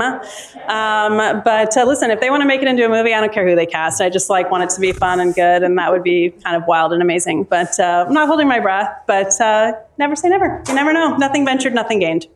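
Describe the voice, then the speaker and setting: A woman, an author, chatting with a live audience at her book launch, often pausing with ums and restarting her sentences. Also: mid-range voice. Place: live event before an audience.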